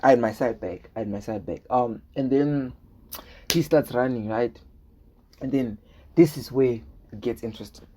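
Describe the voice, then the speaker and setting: A man's voice: mid-range voice, moderate pace, warm tone, slight background noise. A young man casually telling a storytime vlog, rambling, repeating words and often asking "right?" as he acts out what people said. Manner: acts out dialogue in his retelling.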